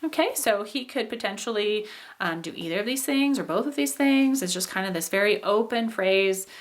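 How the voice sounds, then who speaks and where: A woman teaching in a patient, explanatory way, pausing on "um" and checking in with "okay." She shows examples by exaggerating how her voice swoops up and drops down. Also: mid-range voice, lively intonation. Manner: demonstrates phrases with exaggerated rises and falls. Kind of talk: explaining English intonation.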